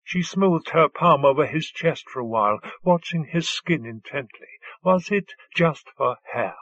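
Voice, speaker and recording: A man reads a story aloud at a slow, unhurried pace. His voice is slightly high and husky. The recording is dry and dull. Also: lively intonation, fairly bright tone, dry recording. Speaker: audiobook narrator. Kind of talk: scripted narration.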